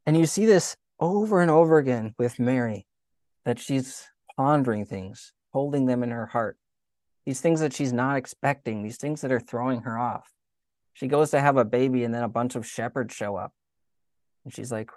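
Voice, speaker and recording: A man's voice: fairly high pitch, normal speed, dry recording, studio quality. Earnest man giving a spiritual reflection. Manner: earnest, conversational, with soft laughs. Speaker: speaker giving faith reflections.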